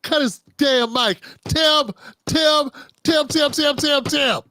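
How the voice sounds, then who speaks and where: A man's voice: extremely high pitch, slow, pushed and bright, pitched above the performer's own voice, heavily acted. A man doing an impression of an exasperated woman news anchor who keeps scolding a panelist by name, over and over. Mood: frantic scolding.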